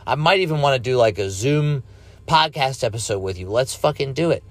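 A man's voice: mid-range voice, expressive, fairly quick, no room sound. A man in his thirties hosting a podcast alone, rambling casually and swearing freely. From United States. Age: 30s. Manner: rambling, profane, laid-back. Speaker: podcast host. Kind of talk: casual solo podcast monologue.

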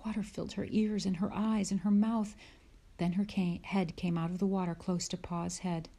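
Low, mellow woman reading a storybook. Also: flat delivery, normal speed, gravelly. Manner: gentle, dropping to a whisper in tense moments. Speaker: narrator. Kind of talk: reading a children's book aloud.

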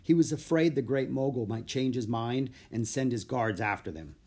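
A man narrating a children's audiobook in a steady, plain storytelling voice. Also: medium pitch, moderate pace, husky.

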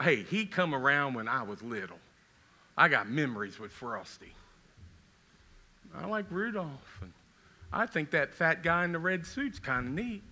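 A middle-aged male pastor preaching a sermon and making an altar call, pleading with repeated questions and rising to loud calls in a church. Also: on the high side. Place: church sanctuary.

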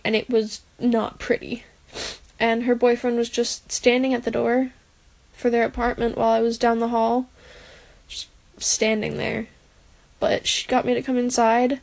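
A young woman recording a personal audio diary, telling her story in an emotional, halting way with sighs and broken-off words. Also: fairly high pitch, flat delivery, darkish tone. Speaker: podcaster.

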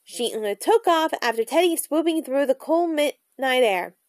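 A woman reading a children's chapter book aloud in a bubbly, expressive way. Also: sits high, measured pace, no room sound. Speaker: storybook reader vlogger.

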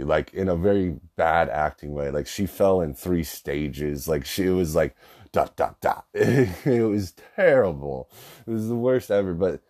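A man's voice: deep voice, darkish tone. A young man in his twenties telling a personal story casually, rambling with lots of fillers and swearing. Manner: rambling, profane, filler-heavy.

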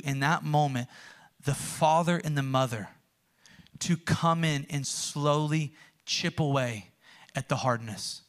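A young man preaching a sermon, earnest and animated, acting out quotes as he tells stories. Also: a little high. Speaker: pastor.

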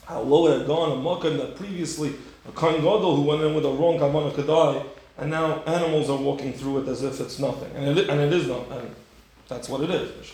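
A man giving a Torah class, animated and rhetorical, acting out the story with sudden high bursts. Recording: very echoey room.

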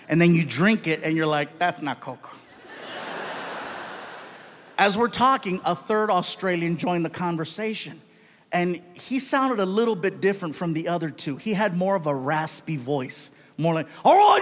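Brief: male stand-up comic, lively and punchy, voice on the high side. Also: a little hiss or hum. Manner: animated, punchy delivery. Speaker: comedian. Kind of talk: stand-up comedy storytelling.

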